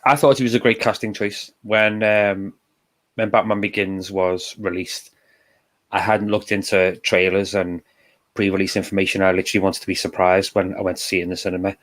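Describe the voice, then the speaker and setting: A young man with a Liverpool accent, co-hosting a casual film discussion and explaining his views in a measured, thoughtful way. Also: low-pitched, little pitch movement, a bit bright. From England. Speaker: co-host.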